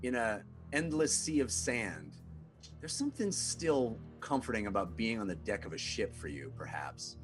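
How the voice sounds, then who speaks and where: A male game master narrating a tabletop game with a lively, swooping delivery. He pauses on fillers as he sets the scene and calls out rolls, with faint music beneath. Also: on the low side.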